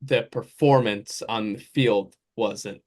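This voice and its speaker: A man's voice: on the low side, takes it slowly, a little mellow. A man hosting a casual sports podcast, talking in a loose, rambling way that drifts through lists and asides. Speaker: podcast host.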